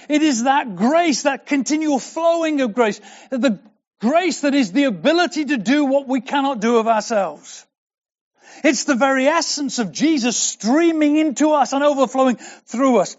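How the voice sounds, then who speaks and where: A man preaching a sermon, emphatic and slow, repeating key words for weight. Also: very high voice, lively intonation. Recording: dull lo-fi recording.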